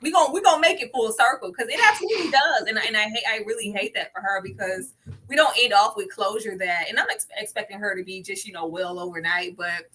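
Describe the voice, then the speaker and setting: A woman hosting a casual live discussion, expressive and acting out what others said. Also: mid-range voice, fast, slight background noise, poor audio. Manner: expressive, acts out quotes.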